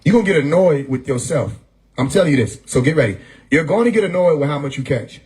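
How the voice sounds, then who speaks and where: Chill guy rambling on his live stream, swears a lot, laughs a bunch, kinda high voice. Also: lively intonation, quick pace, darkish tone, low-quality recording. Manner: laid-back, laughing often, slangy and profane. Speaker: livestream host. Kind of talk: casual livestream monologue. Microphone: phone mic.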